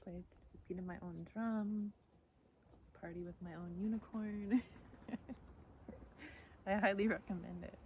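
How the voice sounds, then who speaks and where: A woman's voice: medium pitch, steady tone, takes it slowly, pauses often, a little mellow, slight background noise. A woman from Idaho giving a casual tarot reading and telling a childhood story, laughing often. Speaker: tarot reader. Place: outdoors in the woods. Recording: faint outdoor ambience.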